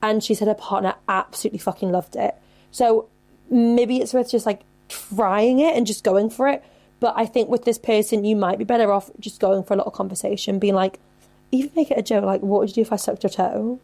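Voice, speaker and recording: A woman's voice: mid-range voice, a little fast, warm tone. A woman in her twenties who hosts a podcast, giving advice in a casual chatty way, swearing freely and saying "like" a lot. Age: 20s. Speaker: podcast host.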